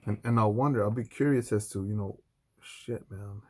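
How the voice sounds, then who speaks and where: Low gruff guy ranting, swears a lot, sarcastic, husky dark voice. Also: moderate pace. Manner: profane, sarcastic, blunt. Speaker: art video creator. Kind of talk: ranting talk to camera.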